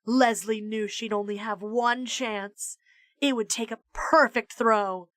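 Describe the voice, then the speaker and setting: A woman streamer reading a children's book aloud, measured and expressive. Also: on the high side, dry recording, clean studio sound. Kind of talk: storybook read-aloud.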